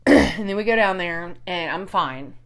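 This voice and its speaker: A woman in her forties with a somewhat low voice talks casually, telling a long personal story. She swears a lot, backtracks mid-sentence and rambles on. The delivery is loose and conversational. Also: expressive, measured pace.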